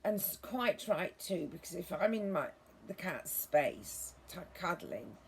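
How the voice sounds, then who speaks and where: A woman talking to her viewers in a gentle, earnest, meandering way, restarting her sentences often. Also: lowish voice, big pitch swings, measured pace, creaky, slight background noise. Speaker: vlogger. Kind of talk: rambling monologue to viewers.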